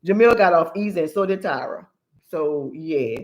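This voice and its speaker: Woman cohost telling funny family stories, animated, laughs a lot. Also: sits low, moderate pace. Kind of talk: casual storytelling.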